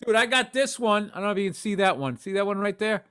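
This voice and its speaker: A middle-aged man co-hosting a podcast, telling animated, profane childhood stories in casual chat. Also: sits high, fast, clear, resonant tone. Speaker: podcast co-host.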